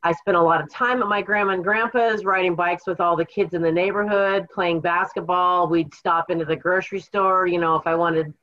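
A woman's voice: on the low side, fairly even intonation, a little fast, few pauses, a bit bright, lo-fi sound. A woman from Washington State's Kittitas Valley, a podcast guest and author, telling her story in an earnest, reflective way. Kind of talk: conversational podcast interview.

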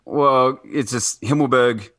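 A man's voice: medium pitch, slow pace, a bit bright, dry recording. A man chatting casually as a podcast guest, rambling with lots of fillers and restarts.

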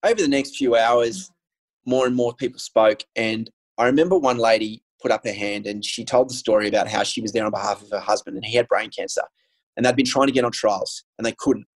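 On a rough recording, a man with a medium-pitched voice talks a little fast as a guest in casual conversation. He shares a personal story earnestly and candidly, with frequent ums and restarts.

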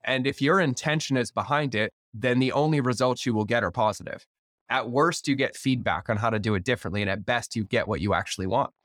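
A man hosting a podcast interview in casual chat, energetic and swearing freely, acting out the dialogue he quotes. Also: mid-range voice, fast talker, dry recording, studio quality. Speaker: podcast host.

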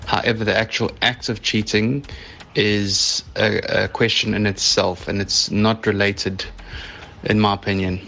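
A South African man calling in to a radio show, measured and hesitant, often pausing with ums. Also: on the low side, flat delivery, vocal fry, bright, forceful tone. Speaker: caller. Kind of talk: radio call-in.

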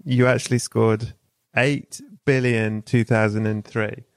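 A man with a gravelly, creaky edge to his voice hosts a comedic interview. He riffs through silly made-up tales in a relaxed, swearing, chatty way. The sound is dry and close, with no room echo. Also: medium pitch, a little slow. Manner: spins absurd improvised stories, swears casually. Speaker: podcast host. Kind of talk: comic interview chat.

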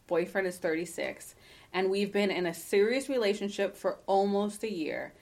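A woman co-hosting a casual podcast, talking emphatically and passionately, cursing freely and laughing often, and at times reading a listener's letter aloud. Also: on the low side. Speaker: podcast co-host.

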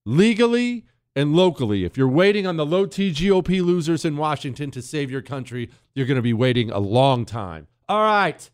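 A man's voice: fairly high pitch, fairly quick, hardly any pauses, clear, resonant tone. A middle-aged man hosting a radio talk show, delivering an opinionated, sarcastic monologue. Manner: animated, sarcastic, mocks others in put-on voices.

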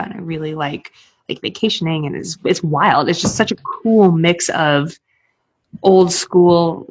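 A woman's voice: lowish voice, vocal fry, husky. A woman chatting as a podcast guest, speaking casually and saying "like" a lot. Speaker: podcast guest, interviewer of athletes.

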